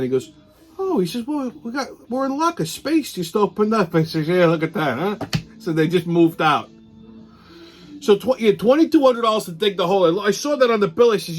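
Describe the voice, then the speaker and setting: A middle-aged man, hosting his show and telling a blunt, profane story in a casual monologue. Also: a little high. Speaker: show host.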